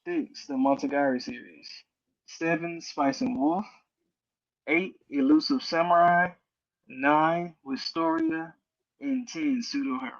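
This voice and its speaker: A man's voice: fairly high pitch, vocal fry. A man co-hosting a casual anime podcast, reading off a ranked list item by item. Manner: reads off a list in quick items. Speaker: podcast co-host. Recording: dull lo-fi mic.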